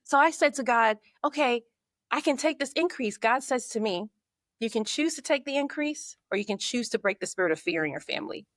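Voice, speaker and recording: A woman, a podcast guest and marketing coach, telling her story in a lively way and acting out her own thoughts. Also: fairly high pitch, brisk, no room sound, studio quality. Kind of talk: conversational storytelling.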